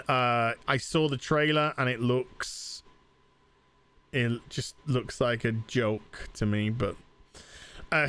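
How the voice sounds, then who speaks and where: A man's voice: mid-range voice, fairly bright tone, smooth, no room sound. A man with an English accent chatting casually on a game live stream, reading out donations and rambling with lots of fillers and restarts. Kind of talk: casual live-stream chat while playing. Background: game music.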